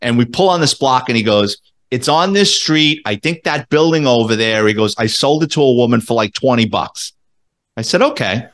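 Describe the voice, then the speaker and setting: A middle-aged man, a former police officer telling a story in a casual interview, animated and profane, acting out the dialogue. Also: mid-range voice, moderate pace. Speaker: former police detective, guest.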